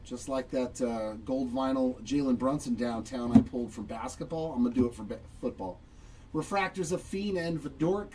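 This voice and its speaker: A man's voice: medium pitch, normal speed, recorded from a distance, noisy background. Upbeat man hosting a card break. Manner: upbeat, chatty, reacting to pulls and answering chat. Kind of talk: live card break commentary.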